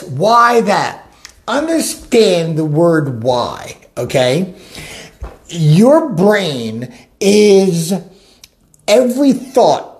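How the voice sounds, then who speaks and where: A life coach delivers a motivational talk in a mid-range voice, animatedly acting out the inner voices of the listeners.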